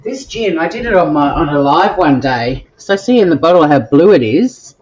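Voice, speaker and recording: A woman's voice: deep voice, lively intonation, moderate pace, a little mellow, highs cut off, slight background noise. Bubbly Australian woman cooking live. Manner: bubbly, chatty, talks to viewers while cooking. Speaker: cooking show host. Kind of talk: live-streamed cooking chat. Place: home kitchen.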